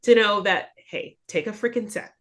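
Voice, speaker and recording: A young woman talking candidly as an interview guest, animated and acting out her own thoughts. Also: mid-range voice, moderate pace. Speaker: guest, actress and singer. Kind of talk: casual interview chat.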